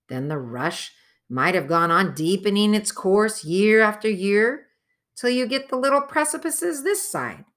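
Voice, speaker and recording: Casting: blustering male dwarf warrior, read by a woman, raised and loud for her, bright forceful tone. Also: fairly low pitch, heavily acted. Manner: excitable, exclaiming, argumentative. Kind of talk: audiobook character voice.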